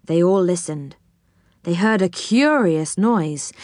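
A woman reading a children's storybook aloud at an unhurried pace. Her voice is lively and rises and falls a great deal, and it sounds close and dry, with no room sound. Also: fairly low pitch, dry recording. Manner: slow, expressive, clear. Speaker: narrator.

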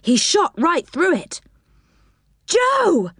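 A woman reading a children's storybook aloud with plenty of rise and fall in her voice. Her pitch sits in the middle range. The sound is close and dry with no room echo. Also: animated, a little slow.

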